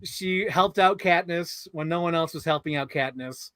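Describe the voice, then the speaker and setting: Animated man, slightly high, dry sound. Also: normal speed, clear, resonant tone, no echo. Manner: animated, laughs often, acts out movie lines. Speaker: podcast co-host. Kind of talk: casual film discussion.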